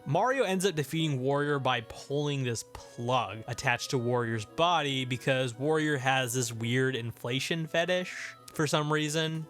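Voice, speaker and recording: A man's voice: mid-range voice, fairly bright tone. A man hosting a comic book review video, talking in a sarcastic, blunt, profane way. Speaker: video host.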